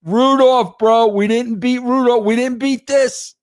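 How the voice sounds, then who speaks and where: A man's voice: extremely high pitch, steady tone, a little slow, a little mellow. A middle-aged man hosting a wrestling show, ranting in a crude, exasperated way and repeating himself for emphasis. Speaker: host. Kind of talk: ranting commentary.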